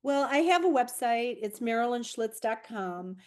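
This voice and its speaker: A woman's voice: on the high side, animated, normal speed, darkish tone. A woman author, a guest on a podcast, talking in a casual, informal and plainspoken way. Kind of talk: casual conversation.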